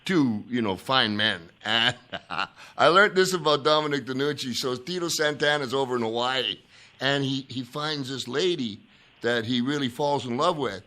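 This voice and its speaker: A man hosting a podcast, telling stories in a rambling, animated way and often pausing to search for names. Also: mid-range voice. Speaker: podcast host. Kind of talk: casual storytelling chat.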